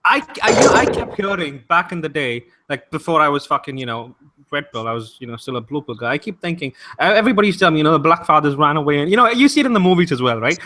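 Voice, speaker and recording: A fast-talking man with a high, animated and bright voice. He argues emphatically and swears freely in a casual talk. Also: slight background noise. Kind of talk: casual profane discussion.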